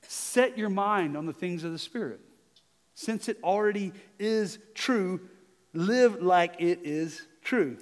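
A high-pitched man with a Southern US accent preaches earnestly to his congregation. His emphatic sermon rings through a church with a long reverb tail, broken now and then by a quick self-mocking aside. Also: animated. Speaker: pastor. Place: church sanctuary.

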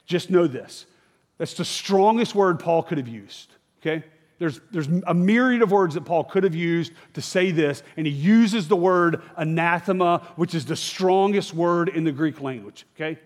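Male pastor, high voice, chatty and emphatic sermon delivery, long church reverb. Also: moderate pace. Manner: conversational and emphatic, keeps checking in with "okay?".

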